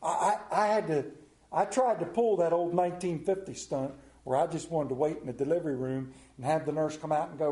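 Middle-aged male preacher, folksy storyteller, high voice, echoey hall sound. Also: a little fast, mellow. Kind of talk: sermon with storytelling.

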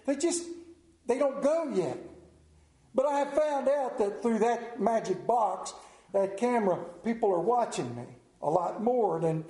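A pastor giving a sermon, talking candidly in a folksy storytelling way, recorded in a church. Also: male voice, sits high, warm tone, roomy sound.

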